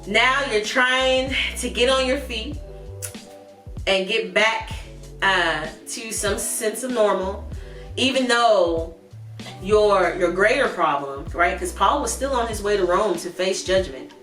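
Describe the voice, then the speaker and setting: A woman's voice: mid-range voice, expressive, slow. A woman teaching a Sunday school lesson in a conversational way, talking earnestly and directly to her viewers. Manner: earnest, warm laughs at asides, talks directly to viewers. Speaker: Bible study teacher. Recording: roomy, from a distance, with soft music behind. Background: faint background music.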